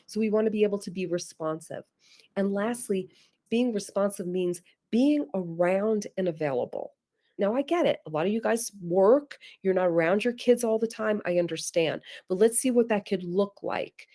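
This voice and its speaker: A woman's voice: mid-range voice, moderate pace, dark tone. A middle-aged woman presenting a parenting webinar, talking in an earnest, coaxing way with emphatic repetition. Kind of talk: instructive webinar talk.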